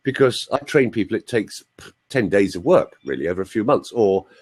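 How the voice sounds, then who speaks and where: A man's voice: lowish voice, lively intonation, moderate pace, a little mellow, slightly rough. A male voice coach explaining techniques on an online call, with joking asides. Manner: explanatory, demonstrates sounds, jokey asides. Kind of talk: teaching on a group call.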